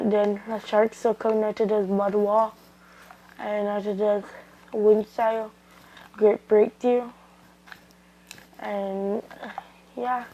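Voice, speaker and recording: A young woman casually retelling a fan story as a channel host, rambling and halting with many fillers and restarts. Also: mid-range voice, a little mellow, muffled recording, a little hiss or hum.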